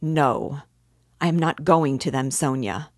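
A woman's voice: sits low, takes it slowly, no room sound, clean studio sound. A woman voicing a tormented young male murderer in a storybook reading, speaking with anguished bitterness. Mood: bitter.

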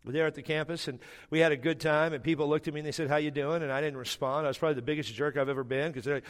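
A man's voice: fairly high pitch, fast, hardly any pauses, a bit bright, big-room sound. A man preaching a sermon, telling a personal story with self-mocking humor and emotion. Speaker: pastor.

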